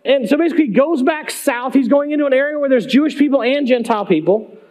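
A man with a very high voice preaches a sermon to his congregation. He talks in a casual, emphatic way, often throwing questions at the room. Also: fast, a little mellow. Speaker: pastor. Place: church sanctuary.

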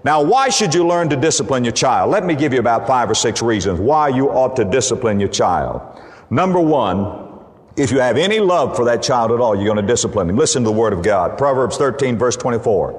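A man preaching a sermon to his congregation, speaking emphatically and rising to excited peaks on his key points. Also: mid-range voice, brisk. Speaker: pastor. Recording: long reverb of a large hall.

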